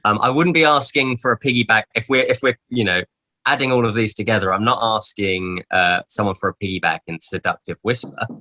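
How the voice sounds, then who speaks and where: A man's voice: lowish voice, a little fast, pushed and bright, dry recording. A man chatting casually on a podcast, playful and theatrical. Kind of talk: casual chat.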